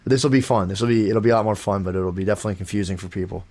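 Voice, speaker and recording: A man's voice: fairly low pitch, racing, darkish tone. A young man co-hosting a podcast in casual chat, rambling with lots of fillers and restarts. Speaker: podcast co-host.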